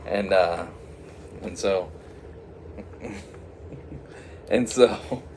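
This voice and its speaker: A man improvises a goofy story in a somewhat low voice. He rambles and halts, often restarting his sentences. A faint hiss sits behind him. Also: darkish tone. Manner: rambling, halting, many restarts.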